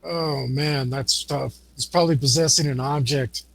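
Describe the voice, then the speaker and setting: A man's voice: medium pitch, fairly even intonation, moderate pace, creaky, a bit bright, poor audio. A man narrating and running a tabletop horror game as game master, teasing his players.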